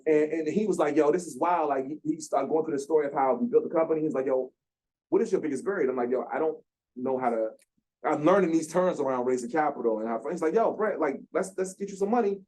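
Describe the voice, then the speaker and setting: Man, 30s, workshop speaker, lively storyteller who acts out the voices. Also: a little high, fast talker. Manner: animated, acts out quotes with slang. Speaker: guest speaker, founder. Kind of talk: storytelling talk. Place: lecture room.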